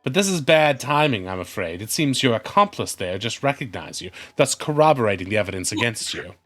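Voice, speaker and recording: A man's voice: medium pitch, sing-song, fairly quick, fairly bright tone. A man voicing a haughty female noble banker who scolds with weary sighs. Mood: scolding.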